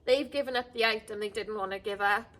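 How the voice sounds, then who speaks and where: A woman explaining dog training step by step in a calm, unhurried way, now and then calling her dog in a high sing-song voice. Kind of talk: outdoor dog training lesson.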